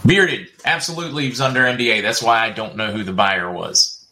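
A man's voice: mid-range voice, normal speed, background noise. A middle-aged man hosting a casual livestream, chatting and reading viewer comments aloud with frequent laughs. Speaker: livestream host.

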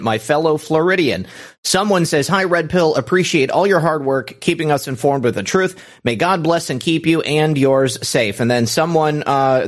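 A man hosting a live stream, reading viewer thank-yous aloud in a brisk, casual way with frequent fillers. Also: on the high side. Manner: brisk, reads out names with fillers. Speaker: host.

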